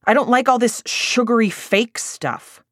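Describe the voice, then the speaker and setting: A woman's voice: medium pitch, measured pace, fairly bright tone, dry recording, studio quality, voice pushed up, close to an everyday voice. A woman reading a blunt, irritated parent in a parenting group, speaking in a curt, snappish way, in an audiobook.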